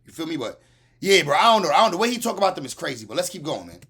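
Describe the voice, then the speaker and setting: A young man hosting a reaction video, talking in casual slang with animated disbelief. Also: fairly high pitch, very fast, slightly rough.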